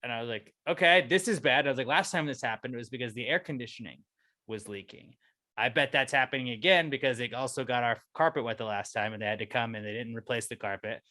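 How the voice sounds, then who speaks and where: A man co-hosting a podcast, telling a long profane rant about his apartment that keeps climbing in pitch when he gets angry. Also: fast, sharp tone, no echo. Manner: ranting, profane storytelling, voice rising when angry. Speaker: podcast co-host. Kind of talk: casual chat.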